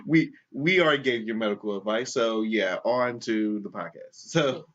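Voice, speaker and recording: A podcast co-host tells a story in casual, profane chat, animatedly acting out the people involved with quoted voices. His pitch is medium and his pace slow, and the sound is dull and lo-fi.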